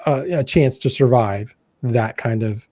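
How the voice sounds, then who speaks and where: A man's voice: medium pitch, measured pace, warm tone, no room sound. An American man hosting a live online chat, talking casually and rambling as he corrects himself. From United States. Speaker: livestream host.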